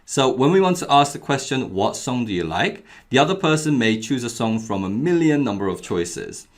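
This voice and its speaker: A young adult man giving a clearly paced, scripted language lesson, repeating each example phrase carefully. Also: on the low side. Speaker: Korean language teacher.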